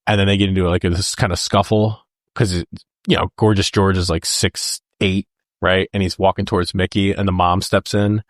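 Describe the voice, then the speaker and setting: A man's voice: low voice, flat delivery, moderate pace, no echo, studio quality. A man co-hosting a podcast, chatting casually and enthusiastically about a movie, laughing often and using lots of filler words. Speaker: podcast co-host. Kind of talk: casual movie review chat.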